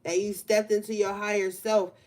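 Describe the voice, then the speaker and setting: A woman's voice: medium pitch, flat delivery, darkish tone. A young woman talking casually through a collective tarot reading, stretching out words for emphasis, in a room by an open window. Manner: casual, conversational, drawn-out emphasis. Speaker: tarot reader.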